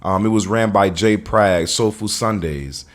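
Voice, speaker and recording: A man, a stand-up comedian telling a personal story on a podcast in a lively, acted-out way. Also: fairly low pitch, a little slow. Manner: animated storyteller acting out dialogue, swears freely.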